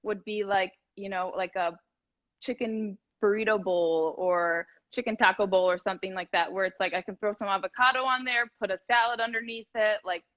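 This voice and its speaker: Over a video call, a woman chats casually as a guest cook, rambling with plenty of fillers in a casual cooking conversation. Her medium-pitched voice stays steady at a normal speed, and the audio has its highs cut off.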